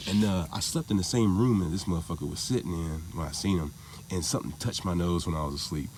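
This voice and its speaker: Low-voiced man in a rambling profane vlog. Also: fast, a little mellow, slight background noise. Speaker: vlogger. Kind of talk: casual monologue vlog.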